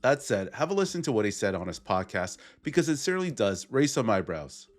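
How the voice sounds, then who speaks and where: A man's voice: fairly low pitch, sing-song, brisk. A man hosting a sports commentary video, recapping a clip in a plain, opinionated way. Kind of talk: scripted commentary.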